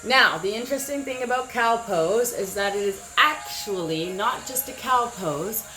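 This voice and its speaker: A woman leading a children's yoga class, giving gentle, encouraging instructions with frequent praise. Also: medium pitch, lively intonation, moderate pace, echoey room, soft background music. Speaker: kids yoga teacher. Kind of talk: guided children's yoga lesson.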